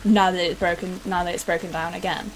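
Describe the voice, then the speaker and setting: A woman's voice: fairly low pitch, fairly even intonation, a little fast, faint music behind. A young British woman streaming a game, rambling and chatting casually with some swearing. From United Kingdom. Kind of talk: casual gaming stream chat.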